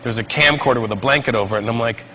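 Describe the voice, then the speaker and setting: Animated man telling a stand-up story. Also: mid-range voice, rapid-fire, a little hiss or hum. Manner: animated, acts out voices of people in the story. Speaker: stand-up comedian.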